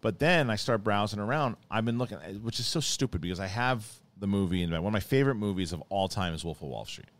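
A man hosting a podcast, chatting casually in a rambling, animated way with many restarts. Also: lowish voice, fast talker, hardly any pauses. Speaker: podcast host. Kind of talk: casual chat.

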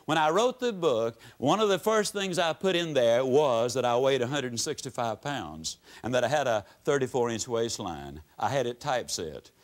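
A man from the United States giving a motivational lecture to a live audience, with a folksy, dramatic delivery that swings widely in pitch and loudness. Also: lively intonation, normal speed, few pauses. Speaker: motivational speaker.

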